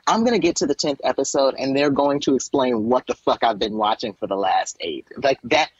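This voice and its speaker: A man co-hosting a podcast, rambling through a casual, animated retelling and slipping into mocking quoted voices. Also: medium pitch, fairly quick, breathy edge, dry recording, highs cut off. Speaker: podcast co-host. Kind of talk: casual chat.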